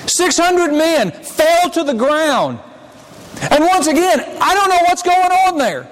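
A male pastor delivers a dramatic sermon, stepping into the scenes he describes as he goes. His voice sits very high for a man. The sound carries the long reverb of a large church hall. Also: sing-song, slow. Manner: dramatic preaching, acts out scenes. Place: church sanctuary.

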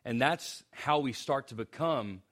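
A man's voice: mid-range voice, unhurried, fairly bright tone. A young man preaching a sermon as pastor, speaking conversationally with restarts and joking asides.

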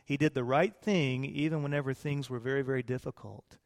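Pastor preaching in an echoing hall. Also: male voice, mid-range voice, a little fast, vocal fry. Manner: animated retelling with playful asides. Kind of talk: sermon.

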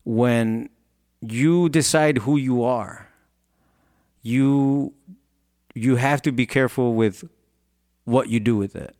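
A man's voice: mid-range voice, slow, long pauses, darkish tone, no echo, clean studio sound. A man who founded a clothing brand and has kids, giving an earnest, rambling motivational talk. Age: adult with children. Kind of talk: motivational monologue.

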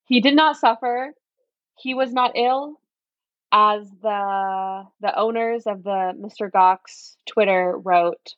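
A woman's voice: medium pitch, measured pace, dry recording. A woman co-hosting a casual news podcast, teasing her co-host in a wry manner. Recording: dull dry sound.

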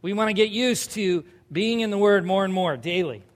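Man, high voice, conversational sermon, long hall reverb. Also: moderate pace. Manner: conversational preaching, asks the audience questions. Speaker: pastor.

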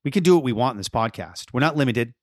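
A man's voice: mid-range voice, lively intonation, fast. A man hosting a podcast, talking in a laid-back, chatty and enthusiastic way. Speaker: podcast host. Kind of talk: casual podcast chat.

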